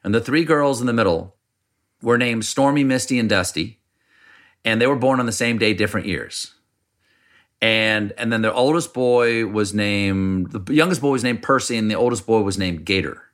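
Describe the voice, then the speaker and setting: A middle-aged man from South Carolina with a bright, forceful voice that sits a little low. He tells stories in casual chat and acts out the people in them with a raised, animated voice. His Southern accent slips through. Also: normal speed. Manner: animated storyteller, mimics people in higher voice.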